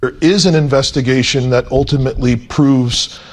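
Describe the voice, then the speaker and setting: Measured man explaining calmly. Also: medium pitch.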